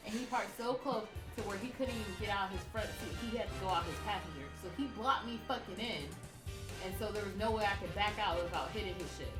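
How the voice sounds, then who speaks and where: A young woman telling a story in casual livestream chat, animated and profane, acting out the lines of the people in it. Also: medium pitch, a little fast, roomy sound, over music. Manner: animated, profane, acts out quotes.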